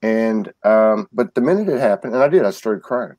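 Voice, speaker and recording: A man's voice: fairly low pitch, animated, normal speed, a little mellow, no echo, highs cut off. A man speaking as a guest in a casual spiritual conversation, telling stories earnestly with many restarts and repeated words. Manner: earnest storytelling.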